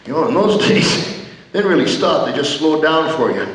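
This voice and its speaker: A man's voice: a little high, expressive, normal speed, fairly bright tone. An actor on stage playing a veteran male pro wrestler, telling a comic story in punchy, short dramatic beats. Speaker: stage performer. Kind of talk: theatrical storytelling monologue. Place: theater stage. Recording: echoey hall from far off.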